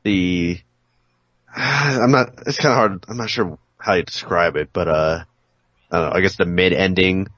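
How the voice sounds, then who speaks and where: A man's voice: low-pitched, measured pace, a bit bright, no room sound. A man co-hosting a podcast game review, talking in a laid-back, hesitant way. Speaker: podcast co-host. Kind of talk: casual game review chat. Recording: dry, dull lo-fi sound.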